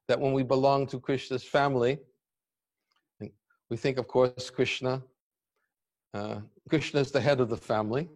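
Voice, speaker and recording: A man teaching a devotional scripture class, speaking deliberately and pausing to search for words. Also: medium pitch, a little mellow. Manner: deliberate, searching for words, reading commentary aloud. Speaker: spiritual teacher giving a class.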